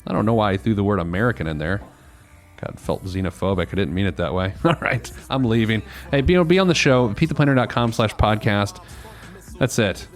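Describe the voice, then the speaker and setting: A man's voice: lowish voice, fairly quick, soft background music. A man hosting a financial advice podcast, chatting casually with a caller, rambling with lots of fillers and self-deprecating asides. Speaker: financial planner and podcast host.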